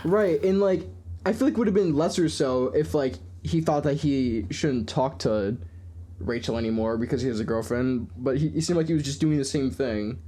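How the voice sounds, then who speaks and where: Mellow-voiced reacting podcast host. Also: mid-range voice. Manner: reactive, quick interjections and questions. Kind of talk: casual chat.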